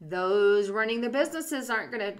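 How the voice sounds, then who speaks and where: A woman's voice: mid-range voice, lively intonation, fairly quick. A young woman commenting on political documents she scrolls through on screen, emphatic and sarcastic, with fillers and slips.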